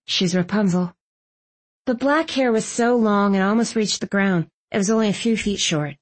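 A woman reading a first-person novel aloud as an audiobook narrator, brisk and expressive. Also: medium pitch.

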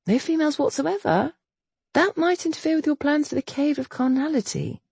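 A woman reading the part of a gentle, caring young governess, speaking higher, soft and soothing. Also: expressive, a little fast, gravelly, no room sound. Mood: teasing.

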